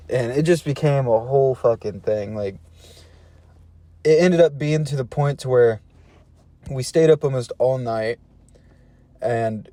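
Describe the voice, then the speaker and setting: Mellow-voiced man telling a casual story. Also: mid-range voice, dry recording. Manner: laid-back, slangy, chuckles between phrases.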